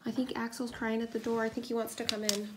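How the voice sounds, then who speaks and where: Woman, thirties, casual crafting chat, scattered storyteller, laughs at herself, sometimes hushed. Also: on the high side, level tone, fast talker, background noise. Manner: chatty, scattered storytelling with self-deprecating laughs; drops to a hush at times, kids asleep nearby. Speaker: craft video host.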